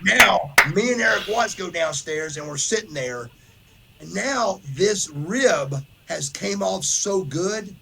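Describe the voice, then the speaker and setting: A man's voice: high voice, slow pace, vocal fry, slight background noise. A man hosting a podcast, telling a rowdy story in casual chat and acting out the other people's lines as he goes. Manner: animated storyteller, says "brother", acts out quotes. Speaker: podcast host.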